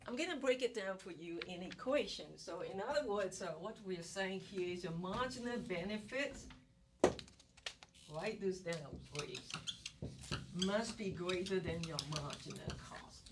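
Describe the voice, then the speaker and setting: A woman instructor giving an economics lecture in a classroom, animated and repeating key words as she coaxes her students. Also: mid-range voice. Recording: distant classroom recording with background noise.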